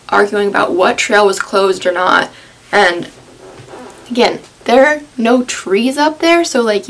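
A young woman vlogging, telling a story to camera in a sarcastic, self-deprecating and chatty way, full of "like". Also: fairly high pitch. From United States.

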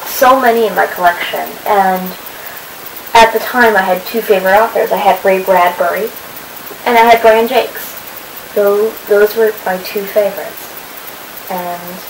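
A female vlogger with a medium-pitched voice chats casually and rambles to her camera while going through old papers. The recording is low quality, with audible background noise.

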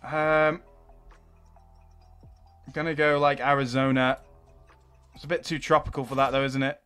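A young man giving excitable live gameplay commentary as a gaming YouTuber, swearing and exclaiming when things go wrong. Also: mid-range voice, normal speed, long pauses, clean tone, faint music behind.

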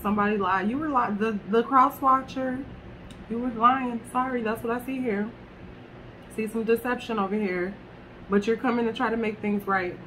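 A woman's voice: fairly high pitch, steady tone, normal speed, a bit bright, a little hiss or hum. A woman reading tarot cards to camera in a chatty way, talking straight to her viewers and swearing casually. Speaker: tarot reader.

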